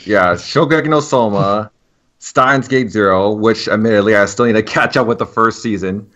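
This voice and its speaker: A man's voice: on the low side, moderate pace, fairly bright tone, dull audio. A man chatting casually on a podcast, hesitant and trailing off with fillers. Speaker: podcast guest.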